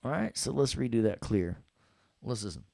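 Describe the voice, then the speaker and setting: A man's voice: medium pitch, animated, normal speed, vocal fry, dark tone, no room sound. A middle-aged man with a New York accent teaching an audio workstation lesson, joking around and scatting along with the music. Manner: playful, jokey, scats and hums along to the music. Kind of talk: casual screen-recorded lesson.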